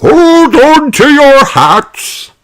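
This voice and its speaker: A reader voicing a cheerful, energetic old male rabbit in a storybook, in a loud, jolly and exclamatory manner. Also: mid-range voice, slow, slightly rough, pitched above the performer's own voice, heavily acted. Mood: jolly, excited.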